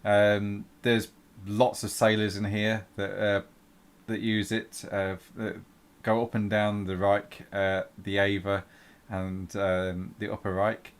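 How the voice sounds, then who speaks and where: A man narrating a tabletop game as game master, in a halting way with many restarts. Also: on the low side, flat delivery, clear, resonant tone.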